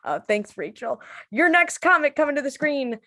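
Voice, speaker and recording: A woman's voice: high voice, sing-song, moderate pace, bright, forceful tone. Upbeat woman host introducing comics. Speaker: comedy show host. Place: comedy stage.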